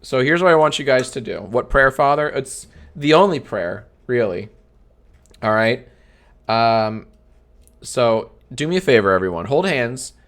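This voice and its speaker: A man in his thirties hosts a live stream, talking off the cuff and mocking what he reads aloud. He swears freely, slips into sarcasm and breaks into high-pitched laughter. His voice sits at an ordinary middle pitch. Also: fairly bright tone. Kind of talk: casual live-stream chat.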